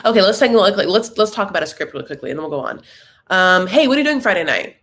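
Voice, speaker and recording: Woman, livestream host, casual chat, animated, jokey, self-mocking, many fillers. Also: mid-range voice, rapid-fire. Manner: animated, jokey, lots of fillers and playful put-on voices; self-mocking, laughs at her own jokes. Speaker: host of a reality show recap livestream.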